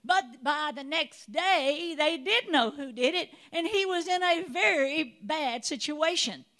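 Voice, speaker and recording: A woman preacher delivering a sermon, telling Bible stories with animated storytelling and acting out the voices of the people in them. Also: high-pitched, a little slow. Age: adult. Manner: animated storytelling, acts out voices of biblical figures.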